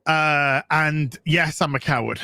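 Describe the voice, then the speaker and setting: A British man co-hosting a casual show, excitable and swearing often as he chats. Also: on the high side, slow, gravelly, no echo. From United Kingdom. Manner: animated, excitable, swears often, laughs a lot. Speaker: podcast co-host. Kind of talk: casual chat.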